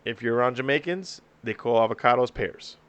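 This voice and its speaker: A young man hosting a casual podcast, telling profane, animated stories to his co-hosts. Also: medium pitch, fairly quick, clear, resonant tone, dull audio. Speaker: podcast host. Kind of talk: casual chat.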